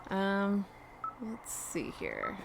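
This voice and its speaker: A woman's voice: mid-range voice, wildly swooping pitch, very slow, gravelly, noisy background. A young woman hosting a let's play, chatting and reacting aloud as she plays through a game. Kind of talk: casual gameplay commentary.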